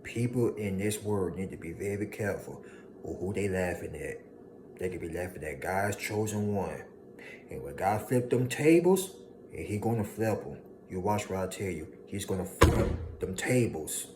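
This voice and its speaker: A man delivers an emphatic motivational monologue, hammering home his points by repetition. His voice sits low and deep. A steady hiss of background noise runs under it. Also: moderate pace. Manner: preachy, emphatic, repeats lines for effect, mocking voices of haters. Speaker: motivational speaker.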